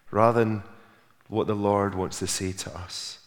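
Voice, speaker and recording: A man's voice: lowish voice, normal speed. Male preacher in a reverberant hall. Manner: storytelling, rising for emphasis, softening in prayer. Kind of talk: sermon.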